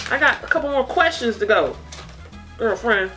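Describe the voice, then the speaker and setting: A young woman chats through a viewer Q&A in a relaxed, unscripted way, her pitch moving animatedly. She sits a little back from the mic, and faint music plays underneath. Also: moderate pace, far from the mic. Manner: chatty, laid-back, talks to her baby between answers. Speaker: beauty and hair vlogger. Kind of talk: casual Q&A vlog.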